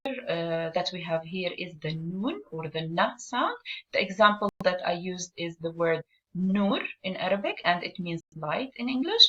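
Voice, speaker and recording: A woman gives a pronunciation lesson in a fairly low voice, slowing down with care whenever she models a word. She pauses often and fills gaps with small hesitations. The recording sounds dull and lo-fi. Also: fairly bright tone. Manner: patient, slow and deliberate when modeling pronunciations; frequent fillers and pauses. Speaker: Arabic teacher. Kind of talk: online language lesson.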